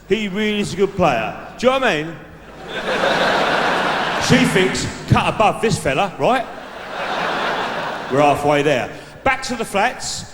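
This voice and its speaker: A man working a live room as a cocky, laddish bloke handing out dating advice. His voice sits a little high and rings out through a big echoing hall, with a faint hiss underneath. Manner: brash laddish bloke giving dating tips. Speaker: stand-up comedian. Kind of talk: stand-up character act. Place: large live venue stage. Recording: echoey hall from the stage mic.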